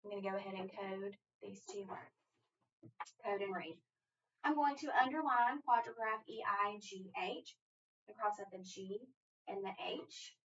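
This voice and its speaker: A woman's voice: medium pitch, a bit bright. Methodical woman teacher, distant lo-fi mic. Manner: deliberate, methodical step-by-step explaining. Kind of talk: phonics lesson instruction. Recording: distant lo-fi mic with faint room ambience.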